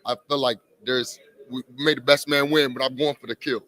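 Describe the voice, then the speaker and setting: A man, a professional boxer, answering questions in a press interview. He speaks loosely, with halting starts and repetition. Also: mid-range voice, fairly even intonation, fairly bright tone. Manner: loose, halting, repeats himself. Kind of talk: post-fight press interview.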